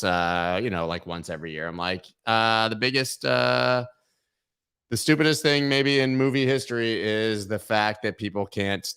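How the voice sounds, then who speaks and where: A man's voice: on the low side, fairly bright tone, clear, resonant tone. A man hosting a live crypto news stream in a casual chat style, joking and riffing as he talks to his viewers on a webcam. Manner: jokey and playful, riffing on silly bits. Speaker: host of a crypto news livestream. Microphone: webcam framing, sitting at camera.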